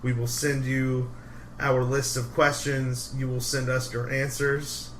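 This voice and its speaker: A man's voice: medium pitch, flat delivery, takes it slowly, slight background noise. A young man co-hosting a podcast, chatting casually with frequent laughs and rambling fillers. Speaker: podcast co-host. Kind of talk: casual banter.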